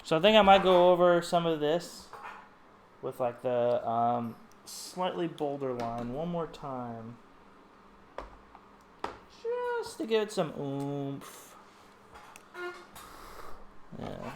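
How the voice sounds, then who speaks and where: A man chatting casually while painting a pinball playfield, low-key, rambling and often cutting himself off mid-sentence. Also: very animated, slow, pauses often, a little hiss or hum. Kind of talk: casual chat while working.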